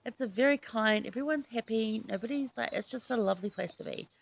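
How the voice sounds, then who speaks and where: A woman's voice: on the high side, brisk, creaky. A woman hosting a casual scripture study chat, talking in a chatty, enthusiastic way with personal asides. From New Zealand. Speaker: host.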